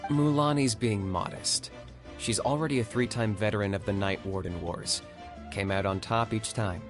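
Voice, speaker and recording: A man voicing a calm, level-headed young hero in a video game. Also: lowish voice, normal speed, natural voice. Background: game music.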